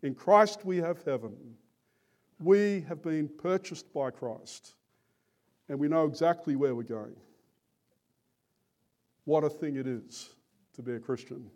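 A male preacher delivers a sermon at an unhurried, deliberate pace. His voice sits fairly high yet sounds mellow and dark, and he presses his points with earnest emphasis.

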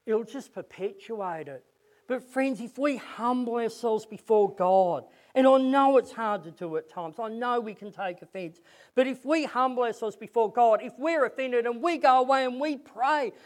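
A man delivers a sermon and then leads his listeners in prayer. His voice sits notably high for a man, and he speaks earnestly, often doubling back and repeating words as he works through an idea. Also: normal speed. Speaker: preacher.

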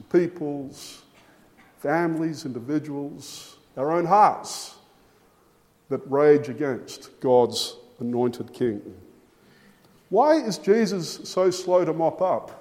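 A man preaching a sermon, emphatic, with his voice rising and falling for stress and measured pauses. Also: fairly high pitch, darkish tone. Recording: long hall reverb.

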